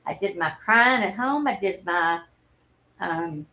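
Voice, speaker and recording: A woman's voice: on the low side, expressive, sharp tone, low-quality recording. Candid woman in her forties. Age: 40s. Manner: halting, earnest, openly emotional storytelling. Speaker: livestreamer. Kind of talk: candid personal livestream talk.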